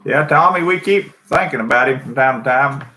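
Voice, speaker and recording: A man's voice: medium pitch, brisk, bright, forceful tone. A man with a Southern accent co-hosting a live stream, reading out chat comments in a folksy, easygoing way. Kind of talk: casual chat.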